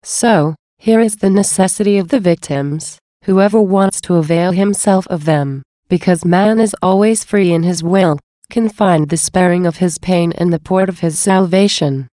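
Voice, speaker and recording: A man's voice: high-pitched, normal speed, hardly any pauses, warm tone, no room sound, lightly acted. Jesus, as a woman reads him, solemn and mournful. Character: grieving adult male Jesus, solemn and plaintive.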